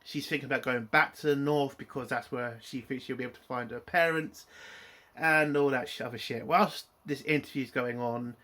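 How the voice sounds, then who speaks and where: A man's voice: medium pitch, fairly even intonation, normal speed, bright, forceful tone. A man giving a blunt, opinionated spoken TV review, swearing freely.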